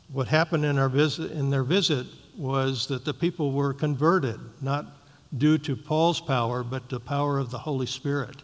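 A man leading a Bible study, reading scripture aloud and then explaining it in a measured way, with frequent ums and uhs. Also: medium pitch, gravelly. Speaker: Bible teacher. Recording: long reverberant hall.

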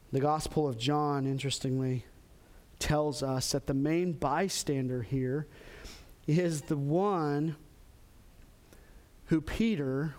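High-voiced man preaching a sermon. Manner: animated, acts out quoted lines with sudden pitch jumps. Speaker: pastor. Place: church in Texas.

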